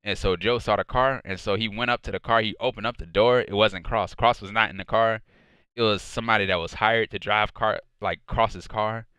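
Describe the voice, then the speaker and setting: A man with a lowish, bright and smooth voice rambles through a casual recap, stringing his thoughts together with filler words. He now and then acts out what others said with mock heat. The sound is close and dry. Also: fairly even intonation, fairly quick, dry recording. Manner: quotes others in a mock-heated voice. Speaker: wrestling show reviewer.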